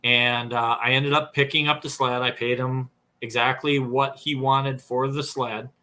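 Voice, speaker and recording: A man's voice: mid-range voice, level tone, a little slow, pushed and bright. A man with an Upper Midwest American accent, a snowmobile tuner telling long, rambling stories as a podcast guest, full of fillers and restarts. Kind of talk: casual storytelling interview.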